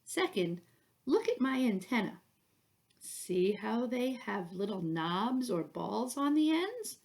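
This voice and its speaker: A woman's voice: on the high side, very animated, slow pace, vocal fry, darkish tone, heavily acted. A woman reading a storybook, voicing a sleepy, blunt butterfly who explains things patiently. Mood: explaining.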